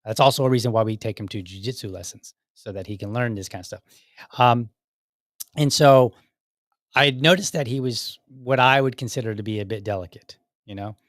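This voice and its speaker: A man's voice: mid-range voice, brisk, dry recording, clean studio sound. A man in his thirties hosting a solo talk show, speaking in a conversational way with frequent restarts and asides. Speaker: podcast host.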